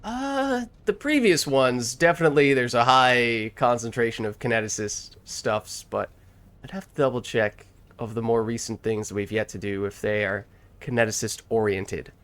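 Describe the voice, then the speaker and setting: A man's voice: mid-range voice, normal speed, fairly bright tone. A man in casual gameplay chat as a streamer, thinking aloud and laughing often. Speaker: gaming streamer.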